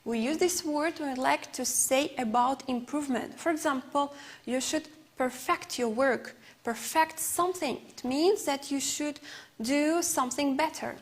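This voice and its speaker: A woman with an Uzbek accent teaching an English lesson on TV, explaining words slowly and carefully. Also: high-pitched.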